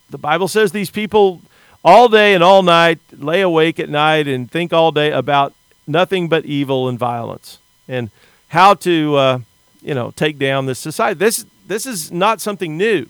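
A man's voice: a little high, clear, resonant tone, dry recording. A middle-aged man from the United States preaching a sermon, earnest and often repeating words as he starts a sentence.

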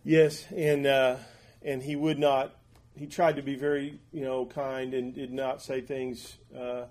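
A man teaching a Bible class in a conversational, folksy way, with halting restarts and asides. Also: mid-range voice, flat delivery, darkish tone.

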